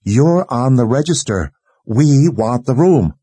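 A man's voice: mid-range voice, very slow, warm tone, no room sound, pitched above the performer's own voice. A male narrator voicing a determined, stubborn young woman who insists on getting a room, speaking in a raised, demanding tone. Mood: insistent.

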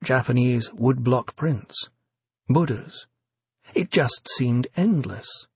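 A man narrating an audiobook with measured, descriptive storytelling and a husky voice. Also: medium pitch, animated, dry recording.

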